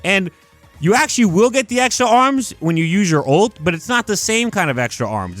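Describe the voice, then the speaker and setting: Young guy doing a game skin review, higher voice swinging all over, swears a lot, dry close sound. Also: dry recording. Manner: animated and emphatic, swears freely. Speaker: gaming video host.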